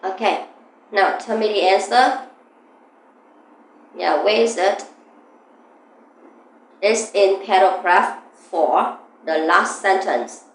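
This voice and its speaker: A woman's voice: mid-range voice, takes it slowly, long pauses, roomy sound, poor audio. A woman teaching an English reading lesson, patiently prompting the class with questions and frequent "yeah"s.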